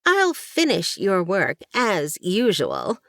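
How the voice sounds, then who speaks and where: A woman narrator voicing a haughty, sharp-tongued frontier mother who speaks with cold disdain. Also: medium pitch, huge pitch swings, slow, no room sound, studio quality, exaggerated voice. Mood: disdainful.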